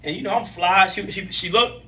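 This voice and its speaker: Recorded far from the mic with a little hiss or hum, a man sitting slightly back tells stories as a podcast guest at a moderate pace. His high, bright voice is animated and emphatic, loaded with street slang, and frequently leaps up in excited bursts during this casual interview.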